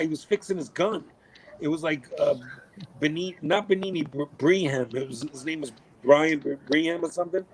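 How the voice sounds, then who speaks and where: Man, middle-aged, podcast guest, casual storytelling, lively, profane, slightly higher voice. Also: poor audio. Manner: animated, swears a lot, acts out quotes.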